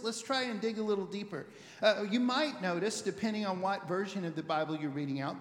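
A male pastor preaches in a loose, animated storytelling way, often restarting and repeating words as he thinks aloud. His voice sits fairly high. The recording is roomy, with a long reverb tail from a church hall. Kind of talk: conversational sermon.

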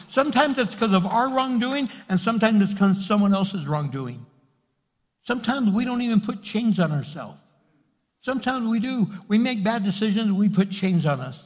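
A man preaching a sermon as pastor, building emphasis and acting out quotes. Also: high voice. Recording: reverberant hall.

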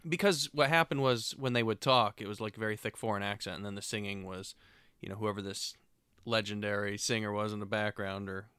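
A man's voice: fairly low pitch, fairly even intonation, brisk, bright, forceful tone, clean tone, no room sound. A man co-hosting a casual podcast, telling stories and tossing in dry, matter-of-fact quips. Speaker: podcast co-host. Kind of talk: casual chat.

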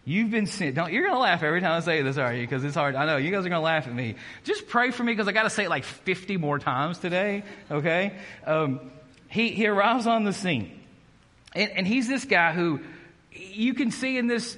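A man's voice: on the high side, pushed and bright, big-room sound. A man preaching a conversational sermon, joking at his own expense and restarting his sentences often. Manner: conversational and self-deprecating, with many restarts. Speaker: pastor.

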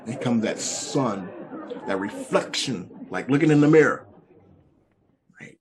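Animated stand-up comedian, lively pitch. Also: male voice, measured pace, long pauses. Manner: animated, repetitive, addresses audience. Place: comedy stage. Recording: live show, faint crowd and noise.

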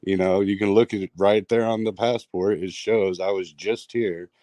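A man's voice: lowish voice, moderate pace, no room sound. A man telling a strange story in a rambling, casual way, full of fillers and restarts. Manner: rambling, filler-heavy, animated retelling. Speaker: guest storyteller.

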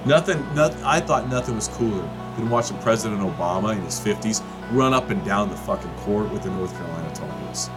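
A man's voice: fairly low pitch, expressive, a little fast, hardly any pauses, over music. Profane ranting male podcast host. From United States. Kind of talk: casual political commentary.

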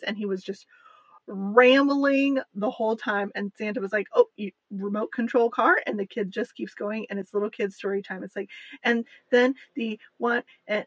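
A woman co-hosts a podcast in loose, chatty talk, often breaking into giggles. Her voice is husky and slightly breathy. The recording is dry and close. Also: medium pitch, no room sound, muffled recording. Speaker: podcast co-host. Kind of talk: casual chat.

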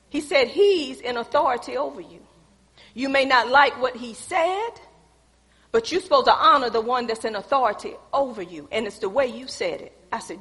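A woman preaching a sermon, moving from soft storytelling to loud emphatic exhortation. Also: high-pitched, expressive, fairly quick, husky, long reverb tail. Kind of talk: sermon with personal testimony.

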